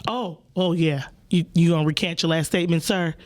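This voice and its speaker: A woman's voice: on the low side, brisk. A woman, hosting a podcast and telling stories in a loose, profane, playful way. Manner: animated storytelling, profane, playful. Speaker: podcast host. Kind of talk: casual chat.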